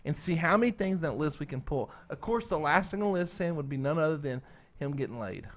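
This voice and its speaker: A man hosting a casual group chat, talking excitedly and pitching wild schemes in slangy speech. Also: fast.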